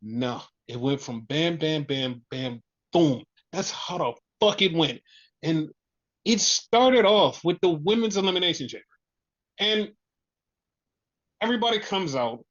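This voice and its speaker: A man co-hosting a casual wrestling review podcast, telling the story excitedly, with lots of swearing and repetition. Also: on the high side, unhurried, highs cut off. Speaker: podcast co-host.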